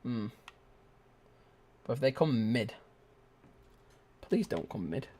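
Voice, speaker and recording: A young man giving live gameplay commentary, chatting casually and shouting sudden excited exclamations. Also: mid-range voice, slow. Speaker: gaming video host.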